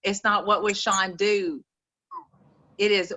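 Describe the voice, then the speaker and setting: A woman's voice: medium pitch, steady tone, slow pace, sharp tone, lo-fi sound. A woman with an East Texas accent giving folksy, preachy motivational advice on a group call. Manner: folksy, preachy, says y'all.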